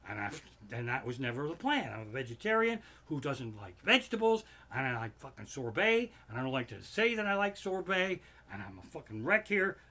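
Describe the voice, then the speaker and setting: Male comedian host, fairly high and very bright, profane rambling home-stream monologue that erupts into loud rants. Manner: swears constantly, rants with sudden loud outbursts. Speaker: comedian hosting a livestream. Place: living room at home. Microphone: home streaming setup.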